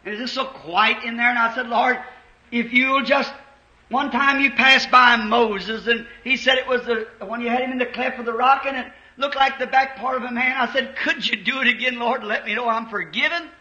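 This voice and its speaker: A man preaches in a very high, bright, piercing voice, swinging from quiet storytelling into fervent shouting. The sound is dull and lo-fi, carrying the roomy echo of an old church recording. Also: moderate pace. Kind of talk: sermon.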